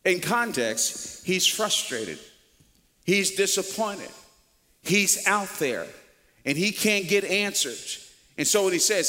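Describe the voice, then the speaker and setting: Man, preacher, animated sermon, high-pitched, long hall echo. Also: slow pace. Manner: animated, emphatic, repeats words, swings between quiet and loud. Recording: long reverb of a large hall.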